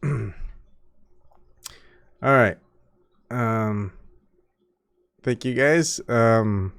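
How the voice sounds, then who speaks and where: A man with a fairly low voice hosts a livestream from home. He reads a text aloud haltingly, correcting himself as he goes, then drifts into loose chat full of ums. His throat sounds parched, and the sound is close and dry with no room echo. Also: creaky. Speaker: livestream host. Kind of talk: reading aloud and casual stream chat.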